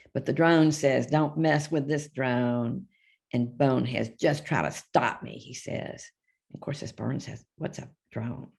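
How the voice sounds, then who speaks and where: A woman's voice: extremely low pitch, vocal fry, breathy edge. An older woman, the book's author, reading a children's picture book aloud live, chatting between pages and giving the characters little voices. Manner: chatty, reads character lines with small voice shifts and asides.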